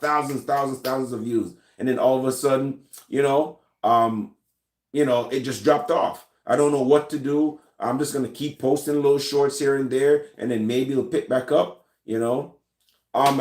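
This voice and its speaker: A man from Jamaica with a Jamaican accent, hosting a casual chat and answering viewer comments in a relaxed, rambling way with many fillers and restarts. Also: medium pitch, reverberant. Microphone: recorded in a room with his gun collection.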